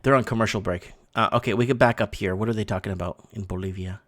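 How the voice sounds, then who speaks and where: A man's voice: lowish voice, fast talker, fairly bright tone. A man hosting a casual online show, chatting loosely as he reacts to foreign news clips and translates them on the fly. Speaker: host. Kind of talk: casual commentary over live news.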